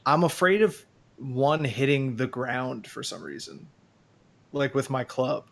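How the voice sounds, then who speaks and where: A man's voice: mid-range voice, animated, measured pace, gravelly. A man co-hosting a podcast in casual chat, rambling with lots of fillers. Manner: rambling, many fillers and restarts. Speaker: podcast co-host.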